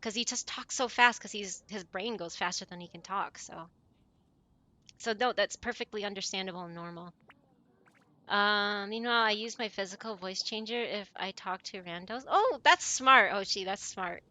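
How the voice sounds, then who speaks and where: A woman's voice: medium pitch, pushed and bright. A woman streamer in casual voice chat with friends, chatty and apologetic, with a chirpy voice. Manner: chatty, apologetic, quick laughs.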